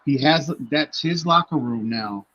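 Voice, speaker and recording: A man's voice: on the high side, measured pace, bright, forceful tone, lo-fi sound. A man co-hosting a casual sports podcast, hesitant and full of restarts, laughing often. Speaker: podcast co-host.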